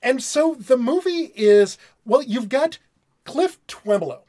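A man's voice: very high voice, animated, slow, warm tone. Profane man retelling a movie plot. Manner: profane storyteller who acts out characters' lines. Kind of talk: casual movie review chat.

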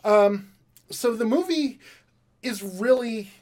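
A man's voice: very high-pitched, expressive, takes it slowly, a little mellow, slight background noise. A man hosting a casual movie review chat, joking and swearing while he reads from the box. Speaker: podcast host.

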